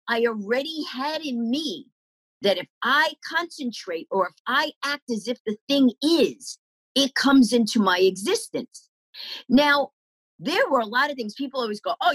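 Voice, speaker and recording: Middle-aged woman comic, lively storyteller who acts out quotes; husky, dry close sound. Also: a little high, no room sound, poor audio. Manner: animated, acts out quoted voices. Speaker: comedian guest. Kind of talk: storytelling interview answers.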